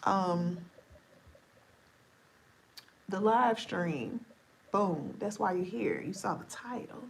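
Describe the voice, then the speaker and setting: A woman's voice: on the low side, a little slow, vocal fry. Sleepy, chatty woman live-streamer. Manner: chatty, playful, talks straight to viewers. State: sleepy, voice going deep and scratchy. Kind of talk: casual live-stream chat.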